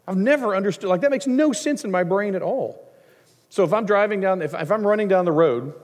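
A middle-aged man, a pastor, preaching a sermon in a conversational, animated way, with asides and acted-out quotes. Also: fairly high pitch. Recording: long hall reverb.

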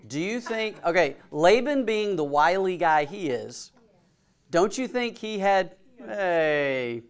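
A man leads a casual Bible study. His voice sits a little high and has a gravelly edge. He keeps turning to the group with questions. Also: lively intonation, unhurried. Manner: asks the group questions, informal. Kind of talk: conversational Bible class teaching.

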